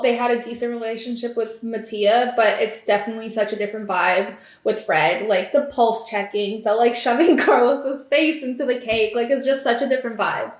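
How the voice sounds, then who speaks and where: A young woman hosting a podcast in casual chat, giggling and talking in a loose stream of fillers and "like". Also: on the high side. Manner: chatty, giggly, lots of fillers and likes. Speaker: podcast host. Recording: echoey room.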